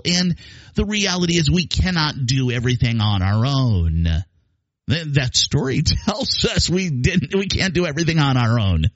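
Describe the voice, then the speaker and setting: A man hosting a podcast, talking in a chatty, animated storytelling way with frequent restarts. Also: on the high side, no echo. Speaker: podcast host. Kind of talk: casual spoken monologue. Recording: dull lo-fi dry sound.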